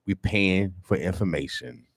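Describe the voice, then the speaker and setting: A man hosting a morning radio show, making animated, hyped announcements and chatting casually about community events. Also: deep voice, measured pace, slightly rough, no echo.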